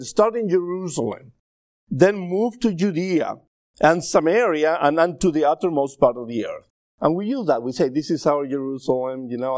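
Middle-aged male preacher, native Spanish speaker with an accent, chatty sermon style, pitched a bit high. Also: a little mellow, no room sound, clean studio sound. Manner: conversational, checks in with the audience.

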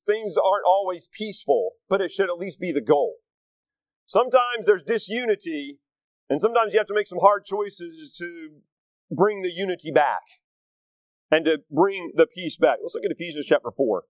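A middle-aged man delivers a relaxed, conversational sermon. His voice sits a bit higher than most men's, and he keeps turning to the congregation with folksy asides. The sound is dry, with little room echo. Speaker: pastor.

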